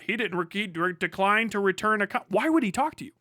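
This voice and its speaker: High, bright-voiced man ranting at an article. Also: expressive, no echo, clean studio sound. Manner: exasperated, profane, rapid rhetorical questions. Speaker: streamer reacting to an article. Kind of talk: live stream reaction, reading aloud and ranting.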